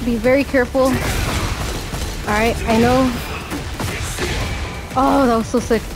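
A woman doing let's play commentary, excitable and cheering herself on, swearing freely, with game music behind. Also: on the high side, slow pace. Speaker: gamer. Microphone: headphones.

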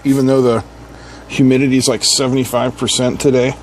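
A man's voice: medium pitch, level tone, fairly quick, very noisy. A man hosting an electronics teardown, talking casually with wry, sarcastic asides and little hums. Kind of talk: casual hands-on teardown commentary.

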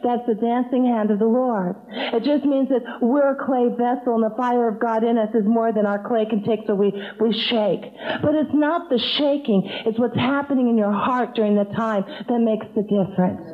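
A woman's voice: on the high side, normal speed. A woman preacher telling stories in a sermon, emotional, her voice often breaking as if near tears. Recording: tinny phone-like sound.

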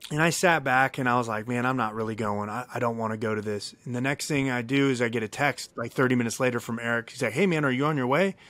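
A man's voice: mid-range voice, quick pace, hardly any pauses, no room sound. Dry-sounding man telling a profane story. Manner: animated, profane, acts out quoted dialogue. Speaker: podcast co-host. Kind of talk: casual storytelling chat.

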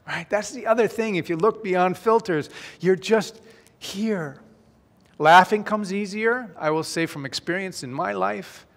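Man giving a talk in a reverberant hall. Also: fairly high pitch. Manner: lively, playful storyteller. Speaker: speaker presenting his book. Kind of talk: conference talk with a joke. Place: large conference hall.

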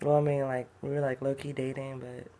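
A woman's voice: a bass voice, little pitch movement, a little fast, warm tone, a little hiss or hum. Young woman, chatty and giggly, phone-camera vlog. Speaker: vlogger. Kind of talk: casual vlog chat and storytelling. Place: car, partly.

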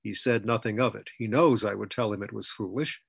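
A man voicing Corno, a terrified oath-bound servant who speaks low and trembling. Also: brisk, creaky, husky, no room sound, studio quality. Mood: anxious.

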